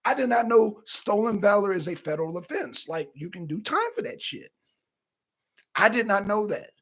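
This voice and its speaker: A man hosting a political talk livestream, animated and repetitive, calling out viewers in the chat. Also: high voice, moderate pace, vocal fry, breathy edge. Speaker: talk show host.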